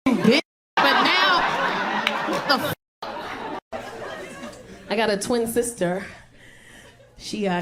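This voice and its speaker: A woman's voice: fairly low pitch, slight background noise. A woman in her thirties doing stand-up, telling brash, profane stories and acting out the people in them, on a club stage with a handheld mic. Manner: brash, profane, acts out quoted voices. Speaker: stand-up comedian. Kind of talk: stand-up storytelling. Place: comedy club stage with audience. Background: audience laughter.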